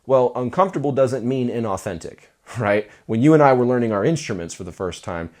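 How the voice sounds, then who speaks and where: A man coaching musicians in a casual talking-head video, his pitch swooping widely as he talks. He is playful and animated and acts out mock sales pitches in a put-on voice. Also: a little fast.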